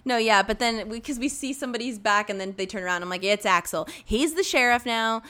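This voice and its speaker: A young woman co-hosting a casual talk show, recapping a movie with animated retellings and acted-out quotes. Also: fairly high pitch, brisk. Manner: animated, acts out scenes in quoted voices. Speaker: podcast co-host.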